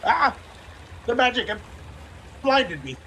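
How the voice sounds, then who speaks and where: A man with a high, very lively voice plays a tabletop game, chatty and excitable. A faint hiss sits behind him. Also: fairly quick, low-quality recording. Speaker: player. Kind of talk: casual tabletop game play.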